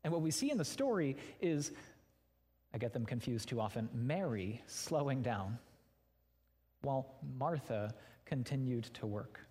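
A man's voice: medium pitch, expressive, measured pace, warm tone. A man giving a sermon, speaking candidly and conversationally, turning often to address his listeners directly. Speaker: pastor. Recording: long reverb of a large hall.

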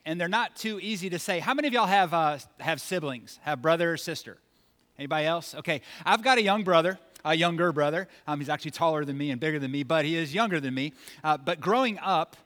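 A man's voice: fairly high pitch, fairly quick, a bit bright. A man preaching a sermon as pastor, conversational and playful, acting out scenes from his childhood. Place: church sanctuary. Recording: long hall reverb.

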